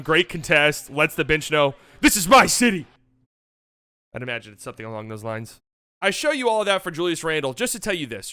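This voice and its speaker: A man hosting a basketball channel, breaking down game highlights with playful, joking asides. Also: sharp tone, smooth, dry recording. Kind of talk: game film breakdown commentary.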